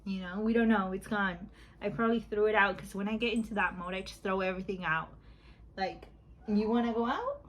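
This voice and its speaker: A thirtysomething woman talks casually through her makeup routine for a beauty vlog, rambling and laughing at home, captured on a phone's rear camera. She speaks briskly in a mid-range, steady, slightly bright voice over a rough recording.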